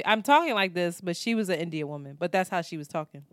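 A woman's voice: fairly low pitch, lively intonation, fast talker, clean tone, dry recording. A woman, co-hosting a podcast and telling a story in casual, profane talk, acting out what people said. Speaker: podcast co-host.

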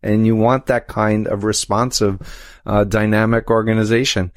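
A man talking as an interview guest, explaining at length in a measured way with frequent restarts. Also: lowish voice, little pitch movement, dry recording, clean studio sound. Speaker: guest, cult expert. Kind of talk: conversational interview.

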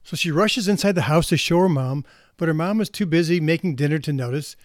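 A man's voice: fairly high pitch, fairly quick, dry recording, clean studio sound. A man speaking earnestly as a counselor to parents, often restarting and repeating words as he talks. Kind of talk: reflective spoken talk.

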